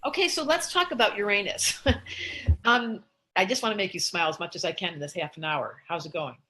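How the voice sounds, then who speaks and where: A woman's voice: medium pitch, fairly quick, sharp tone, rough recording. An older woman, an astrologer, talking casually and animatedly on a live stream, laughing often. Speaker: astrologer host.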